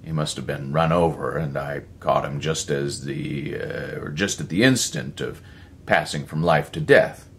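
A male narrator voicing an older scientist who sounds intense and commanding and speaks in a lecturing, slightly halting way. He plays it as a storybook figure. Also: a bass voice, a little hiss or hum.

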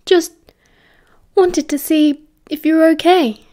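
A woman's voice: very high voice, steady tone, takes it slowly, dark tone, voice pushed up. A woman with a British accent voicing a cheerful, eager teenage boy who reassures his friend.

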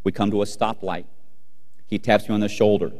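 Fairly low-pitched and fairly quick, this middle-aged keynote speaker entertains a live audience with funny stories. He acts out scenes from family life and speaks straight to the crowd, his voice carrying a long reverb through the big hall.

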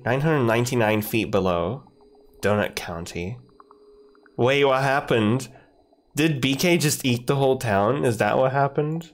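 A streamer chats their way through a casual video game, giggling and thanking viewers. The voice moves at an easy, slow pace with a pitch that rises and falls a lot. Faint game music plays in the background. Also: animated. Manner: giggly, chatty, reads chat aloud. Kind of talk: casual let's-play commentary.

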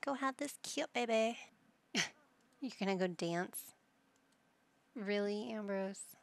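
A woman's voice: mid-range voice, takes it slowly, vocal fry, no echo. A woman giving casual commentary over her life-simulation gameplay, chatting to her game characters as she plays. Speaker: gameplay channel host.

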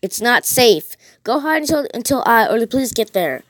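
Woman reading protective mom, urgent orders, evasive, fairly high voice, dry sound. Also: very animated, normal speed, fairly bright tone, dry recording. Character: worried mother, secretive and protective. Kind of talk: reading a text-message horror story aloud.

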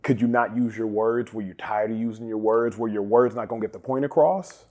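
A man in his thirties hosting an interview and asking measured, probing questions. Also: lowish voice, fairly even intonation, dark tone. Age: 30s. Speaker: interview host.

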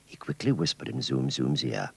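A man narrating a children's cartoon story in an expressive storytelling manner. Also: very deep voice, normal speed, vocal fry, a little hiss or hum.

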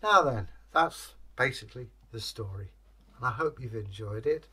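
A male storyteller hosts his channel, telling a folktale and then chatting with viewers. He rambles with filler pauses. His voice has a bright, forward tone at a middle pitch. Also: animated, breathy edge. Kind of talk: folktale storytelling, casual sign-off.

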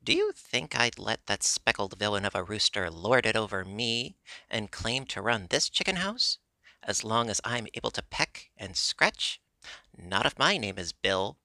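Guy voicing a scrappy proud hen, brash and cocky, storybook read, gravelly bright. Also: fairly low pitch, lively intonation, unhurried, no room sound, exaggerated voice. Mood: defiant. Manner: brash, defiant.

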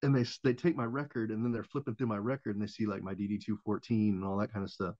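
Brief: man, 30s, low voice, animated swearing storyteller, dull lo-fi dry podcast sound. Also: fast talker, dry recording. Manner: profane, animated, acts out quoted voices, laughs often. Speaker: podcast guest, Marine veteran and former Navy corpsman. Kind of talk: casual storytelling.

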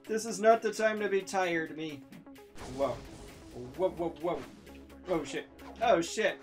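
A woman hosting a let's play, giving excitable, profane commentary full of yelps and battle cries. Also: fairly low pitch, unhurried, long pauses, soft background music. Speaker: gaming channel host.

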